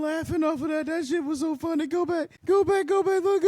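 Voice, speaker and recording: A man hosting a film reaction video, talking over the scenes, swearing freely and bursting into loud laughter. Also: very high-pitched, moderate pace, hardly any pauses, dry recording, clean studio sound. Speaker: channel host.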